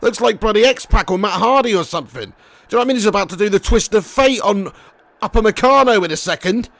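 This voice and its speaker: A man commentating his football game live and reading out chat messages, excitable and swearing. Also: high-pitched, quick pace, no room sound. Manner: excitable, swears, cheeky banter. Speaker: gaming streamer.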